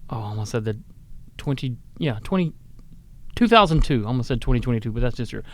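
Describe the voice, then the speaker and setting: A man's voice: mid-range voice, animated, fast talker, a little hiss or hum. A man in his forties co-hosting a podcast, telling stories in a loose, rambling way full of fillers. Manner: rambling, filler-heavy storyteller. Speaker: podcast co-host. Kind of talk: casual chat.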